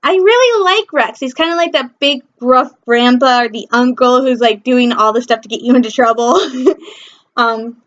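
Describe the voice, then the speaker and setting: A woman from Michigan hosting a pop culture news vlog, gushing excitedly about shows with lots of ums. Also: sits high, normal speed, highs cut off. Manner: gushing, excitable fan talk with many ums. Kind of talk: casual chat.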